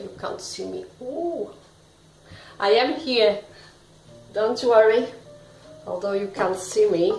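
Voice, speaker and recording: A woman hosting her own cooking video at home, chatting to the viewer with self-deprecating asides as she works through a recipe. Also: mid-range voice. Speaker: cooking show host. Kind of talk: casual cooking demonstration. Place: home kitchen. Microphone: self-filmed camera. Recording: roomy echo, faint background music.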